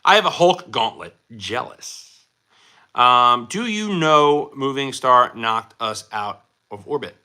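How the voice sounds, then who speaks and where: A man's voice: mid-range voice, lively intonation, a little slow, bright, forceful tone, smooth. A young man hosting a casual livestream, reading out viewer comments and rambling with lots of fillers and restarts. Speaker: livestream host. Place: indoor room under bright lighting.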